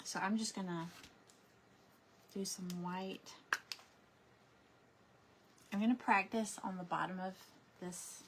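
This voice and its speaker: A woman talks through a crafting session, telling a rambling story with fillers and restarts. Her voice sits at an ordinary middle pitch for a woman. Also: fairly even intonation, slow, pauses often, background noise. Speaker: crafting vlogger. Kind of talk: casual chat while crafting.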